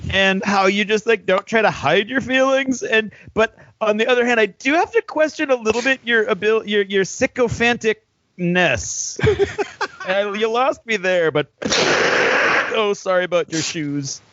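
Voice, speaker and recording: A man's voice: high voice, animated, measured pace, sharp tone, no echo, lo-fi sound, voice pushed up, exaggerated voice. A man voicing a dim, fawning young fire knight who gushes over his hero and keeps apologizing, in improvised tabletop role-play. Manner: gushing, sycophantic, apologetic.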